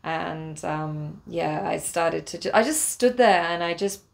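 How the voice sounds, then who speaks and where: A woman's voice: lowish voice, lively intonation, unhurried, vocal fry. An English woman telling a casual, rambling travel diary with many fillers and restarts, earnest and a little spiritual. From England. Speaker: travel vlogger.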